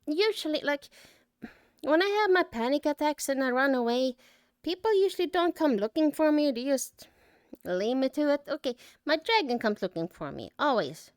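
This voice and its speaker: Choked up as she reflects on her personal life as an artist, a woman keeps restarting and trailing off while holding in tears. Her high voice is animated, and the recording is dry and studio quality.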